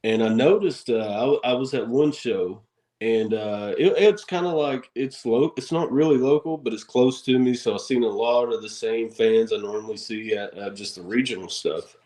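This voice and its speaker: A man chatting on a wrestling podcast, recounting his crude heel antics with easy laughter. His voice sits at an ordinary mid pitch, and his delivery is loose and filled with likes and uhs. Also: normal speed, warm tone, roomy sound. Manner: boastful, laughing, filler-heavy. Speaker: wrestling guest. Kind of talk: casual storytelling interview.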